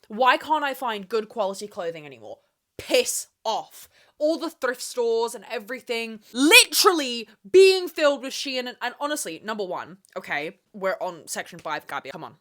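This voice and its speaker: A woman in her twenties rants on her solo podcast, speaking to camera in a sweary, emphatic way. Her voice sits at an ordinary middle pitch for a woman. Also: fairly bright tone. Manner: profane, emphatic, ranting. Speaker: podcast host. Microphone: camera mic, speaking to camera.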